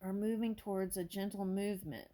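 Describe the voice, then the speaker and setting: A woman tarot reader talking casually and reading prayers aloud. She jumps from thought to thought, apologizes for it, and breaks into high-pitched amazement. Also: fairly quick. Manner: scattered and excitable, apologizing and backing up. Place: home with her dog nearby.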